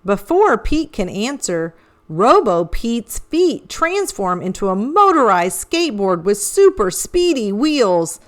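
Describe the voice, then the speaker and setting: A woman reading a children's storybook aloud with an expressive, animated storytelling manner. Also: mid-range voice, takes it slowly, slight background noise. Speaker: children's book reader.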